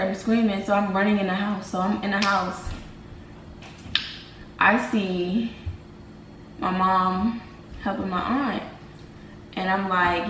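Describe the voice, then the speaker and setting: A young woman vlogger casually telling viewers about a dream, animated and slangy, talking to them as y'all. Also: mid-range voice, moderate pace, pauses often, slight background noise. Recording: roomy, from a distance, faint ambience.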